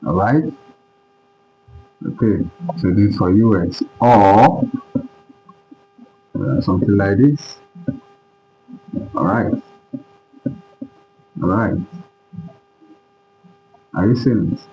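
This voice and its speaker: Low-voiced teacher checking understanding. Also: male voice, slow, pauses often, warm tone, muffled recording, a little hiss or hum. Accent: Nigerian English. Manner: repetitive, keeps checking understanding. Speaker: English pronunciation teacher. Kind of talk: classroom lesson at a board.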